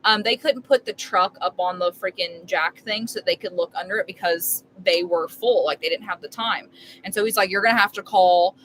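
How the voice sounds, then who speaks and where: Making dinner in her RV, a young woman live-streams a long, rambling story told emphatically and stuffed with filler words, in casual storytelling chat. Her lowish voice is a bit bright at normal speed, and the rough recording has a little hiss or hum.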